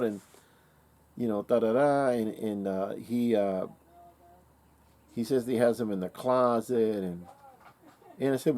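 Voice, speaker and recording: A man's voice: medium pitch, a little slow, pauses often, dark tone. A man casually telling a rambling story, with many fillers and restarts, acting out the quoted dialogue. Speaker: vlogger.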